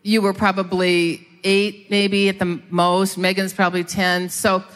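A middle-aged woman pastor telling a story in a sermon, chatty and animated, turning to the congregation with quick asides. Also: mid-range voice. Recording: long hall reverb.

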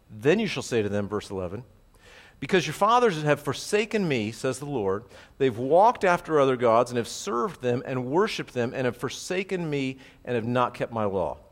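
A middle-aged pastor works through scripture verse by verse in a relaxed, conversational expository sermon. He often turns to the congregation with quick asides and checks that they're following. His mid-range voice rings with the long reverb of a church hall.

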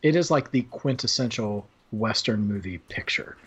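A man's voice: on the low side, animated, moderate pace, fairly bright tone, breathy edge. A man hosting a podcast, talking about films in a casual, rambling way with lots of fillers and restarts. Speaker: podcast host. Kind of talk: casual film discussion.

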